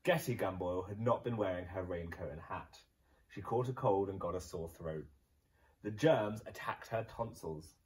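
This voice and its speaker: A male primary school teacher from England, reading a children's picture book aloud in an expressive storytelling voice. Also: sits low, moderate pace, recorded from a distance, low-quality recording.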